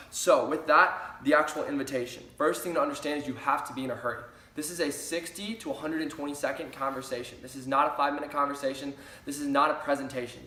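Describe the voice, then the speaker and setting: A man's voice: medium pitch, a bit bright. Upbeat man teaching in a roomy space. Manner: upbeat, repeats key phrases. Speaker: sales trainer. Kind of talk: training talk. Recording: roomy echo.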